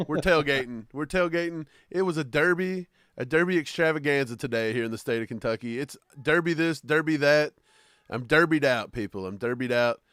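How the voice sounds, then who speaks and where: A man's voice: a little high, a little fast, fairly bright tone, dry recording, studio quality. A man co-hosting a sports podcast, chatting casually and joking in laid-back banter. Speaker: podcast co-host. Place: Kentucky.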